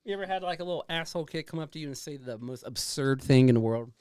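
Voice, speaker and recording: A male podcast host talks in a jokey, profane way and laughs often. His pitch swings widely. The sound is close and dry. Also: lively intonation, fast talker, darkish tone, clear, resonant tone, no room sound. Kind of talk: casual podcast chat.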